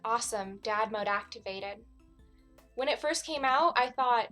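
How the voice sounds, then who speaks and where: A woman's voice: a little high, moderate pace, a bit bright, faint music behind. A young adult woman streamer chatting casually over a game, with frequent laughs and wry asides.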